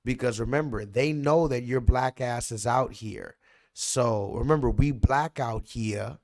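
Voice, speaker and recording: A man hosting a livestream, telling a story in animated, profane rants to his viewers. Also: medium pitch, a little slow. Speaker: livestream host. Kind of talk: casual livestream commentary.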